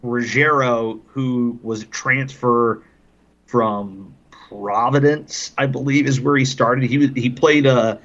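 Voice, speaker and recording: A man's voice: mid-range voice, steady tone, slow pace, a bit bright, highs cut off. A man, a hockey broadcaster on a podcast, telling casual stories and laughing often as he talks. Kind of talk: casual storytelling.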